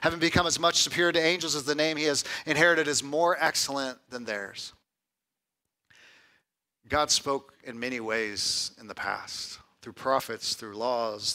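A man preaching a sermon, moving between hushed, intimate lines and raised, emphatic ones, often repeating words as he restarts a phrase. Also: mid-range voice. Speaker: pastor.

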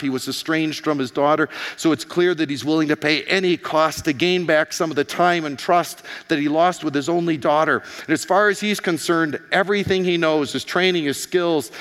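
A man preaching a sermon as pastor, hoarse, animated and firing questions at his congregation. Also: medium pitch. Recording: long reverb of a large hall.

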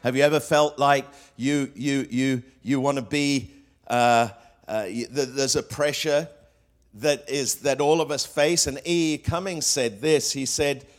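Man preaching a sermon. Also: fairly high pitch. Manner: preaching with rhetorical questions and quotes, frequent fillers and restarts. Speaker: pastor.

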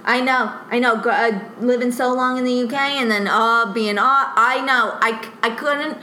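A high, bright-voiced woman from the US chats as a doting mother, rambling and gushing, easily worked up. She sounds like she is in an echoey room, with faint noise behind her. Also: steady tone, normal speed. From United States. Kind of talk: casual chat on a call.

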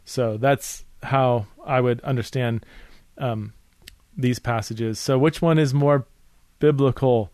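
A man's voice: mid-range voice, fairly even intonation, slow pace, darkish tone, no echo. A man hosting a podcast, explaining theology in a casual, earnest monologue full of fillers and restarts. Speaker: podcast host teaching theology. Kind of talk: casual spoken teaching monologue.

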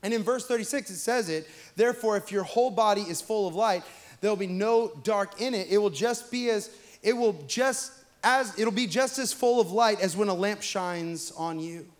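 Young pastor guy, pretty high voice, chatty sermon that gets shouty. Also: normal speed. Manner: conversational storytelling, swinging to shouted emphasis.

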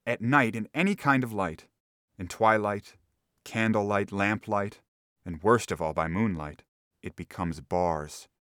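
Low-voiced man narrating a classic story. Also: fairly bright tone, no room sound, clean studio sound. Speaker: audiobook narrator.

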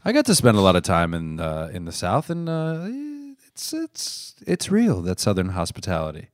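A man guesting on a comedy podcast, trading quick deadpan quips in casual banter. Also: low-pitched, dry recording, studio quality.

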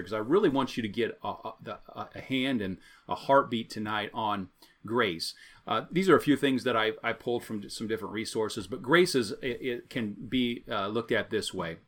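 A man's voice: medium pitch, fairly bright tone. Conversational man preaching a sermon. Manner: storytelling, conversational, repeats key phrases. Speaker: pastor.

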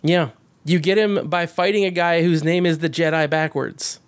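A man co-hosting a podcast, talking about games in a fast, rambling way, swearing often and getting excited. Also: on the high side, clear, resonant tone, no echo. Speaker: podcast co-host. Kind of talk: casual chat.

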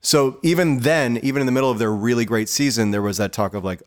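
A man's voice: mid-range voice, fairly quick. Male podcast co-host, easygoing and rambling, casual delivery.

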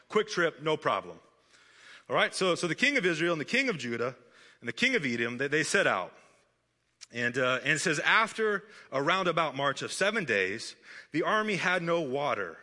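A man preaching a sermon in a church auditorium, animated and conversational with playful asides. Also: on the high side. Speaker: pastor. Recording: long reverb of a large hall.

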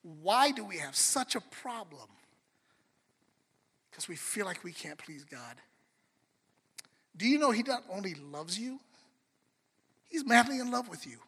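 Middle-aged pastor guy preaching, highish voice, big echoey hall. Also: measured pace, gravelly, pauses often, husky. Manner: animated storytelling, swings from soft to loud. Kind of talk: sermon.

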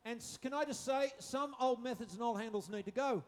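Speaking briskly in a very high-pitched voice, a man delivers a sermon full of humor. He acts out quotations, repeats phrases, and trades jokes with his audience.

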